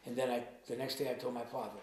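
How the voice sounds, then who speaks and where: A man being interviewed, recounting past events in a halting way, often trailing off quietly. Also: medium pitch, little pitch movement. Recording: echoey room with faint noise.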